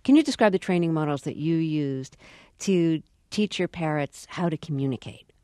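An interviewer asking measured, slightly halting questions. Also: mid-range voice, lively intonation, darkish tone, dry recording, clean studio sound.

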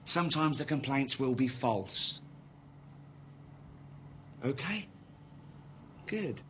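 A pompous, rambling office boss. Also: male voice, medium pitch, expressive, fairly bright tone, slight background noise. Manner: rambling, halting, self-congratulatory. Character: pompous self-important male office boss. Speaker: office manager.

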